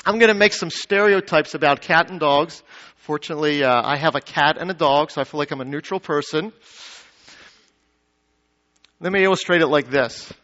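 Guy preaching a sermon in church, voice sits pretty high, goes big then drops real low, kinda dull lo-fi sound. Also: normal speed, pauses often, fairly bright tone. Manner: dynamic preaching, rising to emphatic peaks then dropping low; addresses the congregation with questions and asides. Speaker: pastor. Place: church sanctuary.

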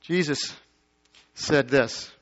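A male pastor preaching to his congregation, swinging from emphatic peaks to quiet low asides and asking the crowd questions. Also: drawn-out words. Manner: dynamic preaching, rising to emphatic peaks then dropping low. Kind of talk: sermon. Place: church sanctuary. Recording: dull lo-fi sound.

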